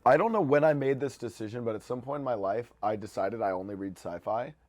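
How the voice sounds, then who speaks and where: Man, podcast guest, easygoing, trails off quietly. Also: medium pitch, quick pace. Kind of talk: casual chat.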